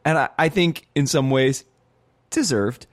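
A man's voice: medium pitch, measured pace, dry recording. A man on a comedy podcast panel, arguing his side in a joking mock-courtroom manner. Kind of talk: casual comedic debate.

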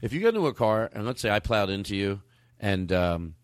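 A man's voice: lowish voice, sing-song, a little fast, no room sound, clean studio sound. A man hosting a casual comedy podcast, rambling through a story and laughing a lot.

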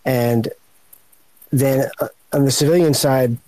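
A man answering a question on a panel, speaking haltingly and pausing to search for words. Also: mid-range voice, fairly even intonation, dark tone, dry recording, low-quality recording. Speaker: panel guest.

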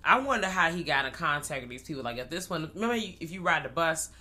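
A woman's voice: deep voice, animated, fast, pushed and bright. A woman co-hosting a podcast, chiming in with laid-back quips and musings during a casual film chat. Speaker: podcast co-host.

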